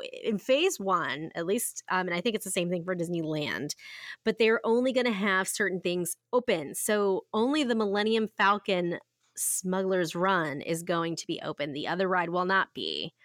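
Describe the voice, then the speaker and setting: A woman's voice: mid-range voice, fairly bright tone, no room sound. Chatty woman podcast co-host, dry sound. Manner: chatty, laughs often, restarts sentences. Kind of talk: casual chat.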